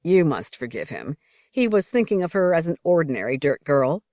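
A woman's voice: low-pitched, very animated, normal speed, darkish tone, no room sound, clean studio sound. A woman reading the part of a smirking young male lord who is boastful, bland and cajoling.

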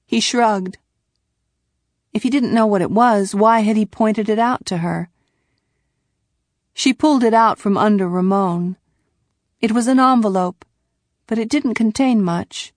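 A woman narrating a novel in scripted, measured storytelling from a quiet booth. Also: medium pitch, no echo. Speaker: audiobook narrator.

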